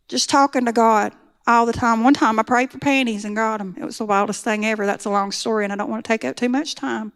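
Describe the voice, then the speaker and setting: A woman's voice: a little high, fairly even intonation, quick pace, smooth. Woman giving a testimony. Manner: earnest storytelling, rising to pleading intensity. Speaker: speaker sharing a recovery testimony. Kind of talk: personal testimony talk.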